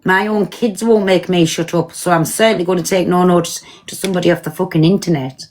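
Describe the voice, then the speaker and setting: Talking fast in a lowish, steady, darkish-toned voice, a woman hosts a home live stream. She's casual and blunt, swears freely, and replies to what her viewers write.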